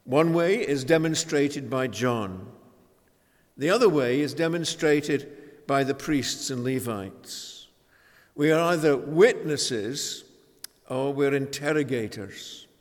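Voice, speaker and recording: Slow, emphatic preacher in a reverberant hall. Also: male voice, medium pitch. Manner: measured, emphatic preaching with dramatic pauses. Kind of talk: sermon.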